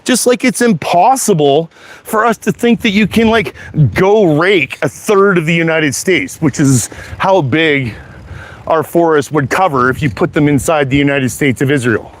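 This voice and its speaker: A man with a slightly high voice rants at the camera, angry and heated. He swears in almost every line and repeats himself as he builds up steam. He is walking down a sidewalk outside. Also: moderate pace. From Canada. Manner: heated, profane, repetitive swearing.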